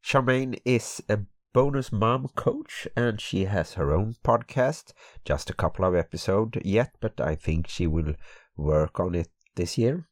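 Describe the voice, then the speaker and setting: A man with a Swedish accent, Swedish his first language, co-hosting a podcast in English, groggy from just waking up and halting and hesitant with the language. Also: on the low side, dry recording, studio quality. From Sweden. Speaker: podcast co-host. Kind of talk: casual podcast chat. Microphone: podcast microphone.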